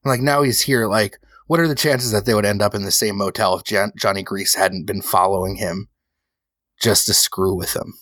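A man's voice: on the low side, steady tone, normal speed, fairly bright tone, no room sound. A man playing a tabletop game, describing his character's actions in a casual, filler-heavy way. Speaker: player.

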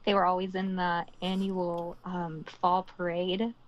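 Woman, mid pitch, laid-back and giggly, slightly muffled mic. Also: completely flat delivery, a little slow. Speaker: podcast guest. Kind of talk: casual chat.

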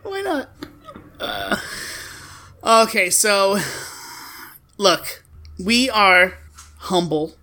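Bright-voiced man joking on a podcast. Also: on the high side. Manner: joking, profane, teasing. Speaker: podcast co-host. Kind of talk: casual podcast banter.

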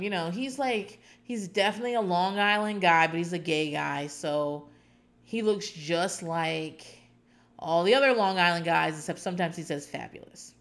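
A woman hosting a podcast, recapping a reality show in casual, rambling chat with sarcastic asides. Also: fairly low pitch.

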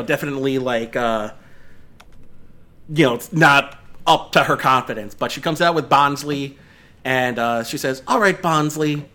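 A man's voice: medium pitch, bright, forceful tone. A man in his thirties narrating a tabletop game as game master, rambling with lots of fillers and restarts. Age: 30s.

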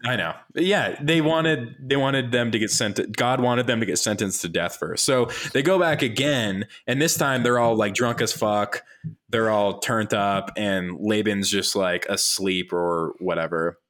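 Low-voiced man, profane and rambling. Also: a little slow, fairly bright tone. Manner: profane, joking, rambling recap. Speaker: podcast host. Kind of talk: casual chat.

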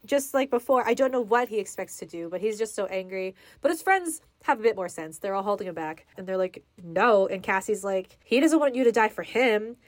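A woman's voice: mid-range voice, lively intonation, fairly quick, few pauses, dry recording. Chatty woman with a dry close sound. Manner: laughs often, reads passages aloud with commentary. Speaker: podcast co-host reading a book aloud. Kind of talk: casual chat, book discussion.

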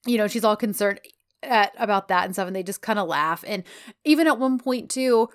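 A woman's voice: medium pitch, brisk. Woman just chatting, retelling a scene, says "like" constantly, quotes people. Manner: chatty storyteller, quotes characters, lots of "like". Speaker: podcast co-host recapping a TV drama. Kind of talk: casual chat.

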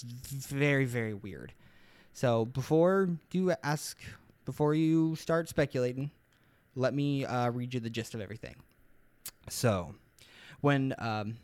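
A man's voice: medium pitch, a little mellow, no echo. A young adult man co-hosting a podcast, telling a mystery story in casual, rambling, upbeat chat.

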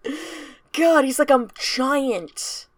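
A fairly high-voiced woman talks through a fantasy book in loose, profane chat. She keeps slipping into quick quoted voices for the characters. The recording is close and dry, with no room sound. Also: expressive, dry recording. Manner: swears freely, retells scenes in quick quoted voices. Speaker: podcast co-host. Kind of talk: casual book-club chat.

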